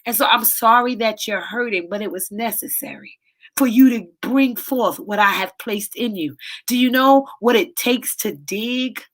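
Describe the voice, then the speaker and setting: A woman's voice: a little high, moderate pace, fairly bright tone. Emotional woman giving an inspirational talk. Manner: preachy, emotional, repeats phrases for emphasis. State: emotional, near tears. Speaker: soul coach hosting a daily live show.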